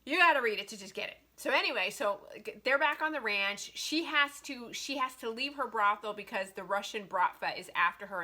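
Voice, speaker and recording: A woman chatting animatedly about a romance novel in a casual book review vlog, with lots of "like" between her thoughts. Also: mid-range voice. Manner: chatty and animated, heavy use of "like".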